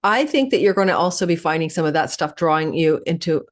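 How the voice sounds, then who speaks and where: Middle-aged female astrologer, rapid and lively direct-to-camera forecast delivery, low-pitched. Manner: fast, animated, talks to viewers by sign. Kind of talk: weekly horoscope forecast.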